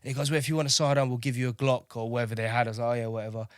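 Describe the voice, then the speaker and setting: A man in his thirties from Kosovo swaps service stories on a podcast, loose and chatty, with swearing and stumbles. His voice sits at an ordinary middle pitch and sounds dry and close. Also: little pitch movement, rapid-fire, no room sound. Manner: chatty, swears freely, repeats words while telling stories. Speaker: podcast guest, navy veteran. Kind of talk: casual interview storytelling.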